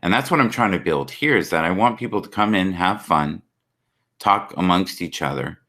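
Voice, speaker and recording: A man's voice: low-pitched, expressive, normal speed, bright, forceful tone. A man hosting a live stream, chatting earnestly about forgiveness, love and spirit over a video call. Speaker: livestream host. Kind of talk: casual chat.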